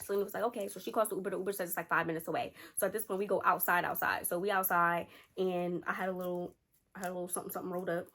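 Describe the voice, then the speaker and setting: A woman's voice: lowish voice, very fast. A young adult woman, telling a storytime tale casually and acting out the lines of friends and a boyfriend. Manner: animated, acts out friends' and a man's lines in quotes. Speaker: storytime vlogger.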